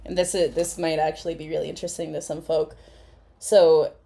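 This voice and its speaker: A woman's voice: low-pitched, flat delivery, fairly quick, vocal fry, dark tone. A woman hosting a casual live chat, rambling and swearing freely as she reacts to clips. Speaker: host.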